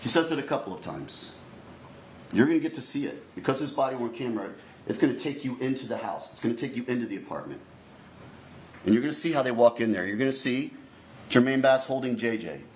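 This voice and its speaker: A man's voice: mid-range voice, expressive. Man giving an opening statement in an echoey courtroom. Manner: deliberate, repeatedly addressing the jury directly. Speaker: prosecutor. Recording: echoey courtroom recording, faint noise.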